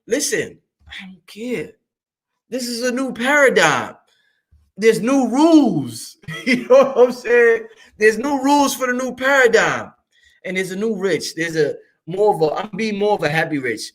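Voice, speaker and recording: A man, hosting a show in a loud, excitable monologue that swings up and down and breaks into laughter. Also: measured pace. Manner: loud, excitable, swings high and low, laughs often, swears freely. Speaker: show host. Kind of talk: animated livestream monologue.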